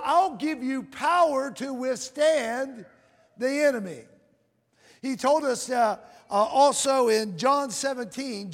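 High-voiced preacher with gravelly edge in a reverberant hall. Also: male voice. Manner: fervent, calls to the congregation, reads scripture in slow drawn-out cadence. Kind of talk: sermon. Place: church sanctuary. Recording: long reverb of a large hall.

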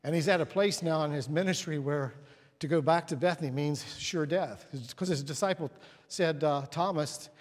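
A man preaching a sermon at a church service, telling stories and dropping to hushed tones for emphasis. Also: fairly high pitch, normal speed. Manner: storytelling, drops to hushed tones. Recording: long hall reverb.

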